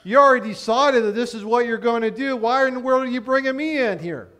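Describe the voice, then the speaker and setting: A man's voice: extremely high pitch, fast talker, fairly bright tone, pitched above the performer's own voice. A man voicing a mocking male prophet who taunts a king, sarcastic and scolding.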